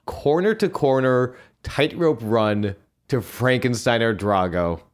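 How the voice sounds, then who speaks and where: Man, podcast host, casual chat, animated, rambling, lively pitch. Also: takes it slowly, clear, resonant tone. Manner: animated, laughing, rambling play-by-play recaps.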